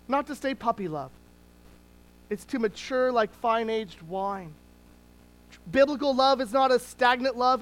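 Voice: mid-range voice, a little slow, pauses often, rough recording. Conversational preacher, stressing key words. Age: adult parent. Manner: conversational teaching with many small restarts. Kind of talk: sermon.

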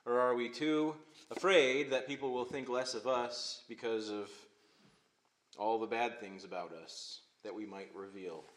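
A man's voice: medium pitch, fairly even intonation, unhurried. Man preaching in an echoey room. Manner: preaching with emphatic swings between loud and hushed. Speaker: pastor. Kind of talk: sermon.

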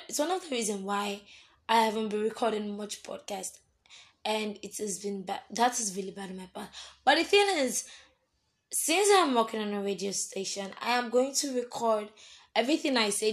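A young woman hosting her own book podcast, chatting casually, apologetic and excitable, poking fun at herself. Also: on the high side. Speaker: podcast host. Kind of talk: casual solo podcast chat.

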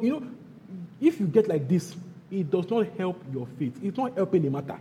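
A man with a Nigerian accent preaching a sermon as pastor, repeating his phrases and swinging between loud bursts and hushed lines. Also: high-pitched, sing-song, moderate pace, a little hiss or hum. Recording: long hall reverb, faint background ambience.

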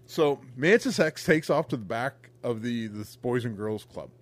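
A man co-hosting a podcast, telling a story in an animated, profane way with frequent laughter, close to the mic. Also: mid-range voice, normal speed. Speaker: podcast co-host. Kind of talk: casual storytelling.

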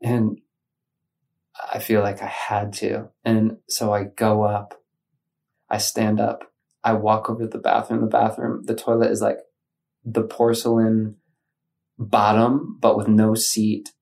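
A guest from Michigan with a fairly low, creaky voice tells a personal story in casual conversation at an unhurried pace. He's animated, acting out his own thoughts in shifting voices.

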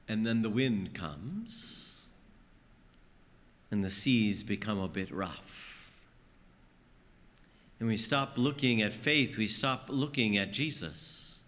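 A man's voice: big pitch swings, slow pace, long pauses, bright, forceful tone. A man preaching a homily as a priest, telling stories and acting out voices. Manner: storytelling, acting out voices with big swings in pitch. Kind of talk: sermon. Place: church. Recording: long church reverb.

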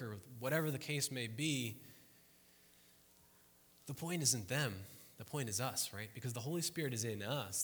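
A man's voice: medium pitch, fairly bright tone. A man preaching a conversational sermon to a congregation, often checking in with the room and acting out quoted voices. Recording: long hall reverb.

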